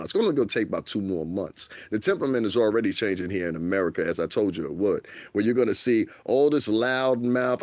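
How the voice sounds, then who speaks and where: A man's voice: medium pitch, big pitch swings, fairly quick, dry recording. A man giving a blunt, profane livestream rant, heated and rambling, repeating himself as he goes. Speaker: livestreamer and commentator.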